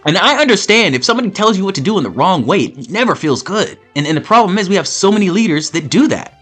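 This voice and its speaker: A gaming host in full rant, a man who swears freely and circles back over the same words. His voice sits a little high and jumps all over the place as he gets worked up. Soft game music plays underneath. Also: fast. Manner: animated, profane, repeats himself. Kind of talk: ranting commentary over gameplay.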